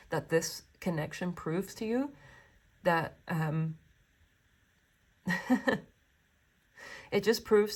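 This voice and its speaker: A young woman giving a pick-a-card tarot reading, gushing and emotional, rambling with many fillers. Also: fairly low pitch. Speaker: tarot reader.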